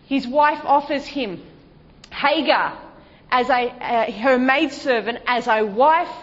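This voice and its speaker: A woman preaches a sermon in a high voice, pressing her points with rhetorical questions and sinking into hushed, lower passages. The sound is dull and lo-fi, carrying a long reverb from a large hall. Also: takes it slowly. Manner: emphatic, rhetorical questions, shifts to hushed low delivery.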